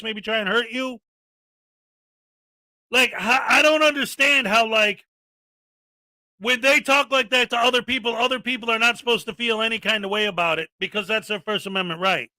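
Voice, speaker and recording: A man's voice: very high voice, steady tone, a little fast, bright, forceful tone, no room sound. A man hosting a live stream, ranting and joking about video clips with plenty of crude insults. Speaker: streamer host. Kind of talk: casual live-stream commentary.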